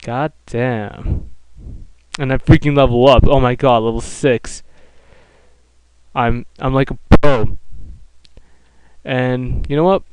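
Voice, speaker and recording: A man's voice: mid-range voice, fairly even intonation, slow, pauses often, darkish tone, clean tone, no echo, rough recording. A man giving casual, sarcastic gameplay commentary, swearing freely and often restarting his sentences. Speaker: let's play commentator.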